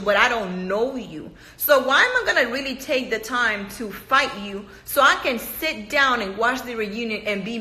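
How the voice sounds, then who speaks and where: A woman vents to camera, blunt, emphatic and full of profanity. Her voice is bright and forceful, and it rings around an echoey room. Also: on the high side. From Panama. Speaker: reality TV cast member. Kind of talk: casual profane rant to camera.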